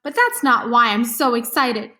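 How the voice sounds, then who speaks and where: Storybook schoolboy, eager and chatty, high voice , voiced by a woman reader. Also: big pitch swings, normal speed, sharp tone. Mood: excited. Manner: eager, bursting with news.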